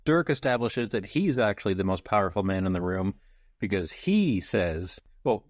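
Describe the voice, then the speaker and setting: A man's voice: on the low side, sing-song, moderate pace, no echo, studio quality. A man co-hosting a podcast, joking and laughing as he recaps a book. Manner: jokey, laughs often. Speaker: podcast co-host. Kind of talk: casual book club chat.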